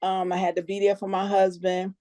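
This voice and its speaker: A woman's voice: medium pitch, flat delivery, brisk, warm tone, no room sound. A woman sharing her story on a business call, earnest, plain-spoken and a little nervous. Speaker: guest team member sharing her story. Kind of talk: casual testimonial on a conference call.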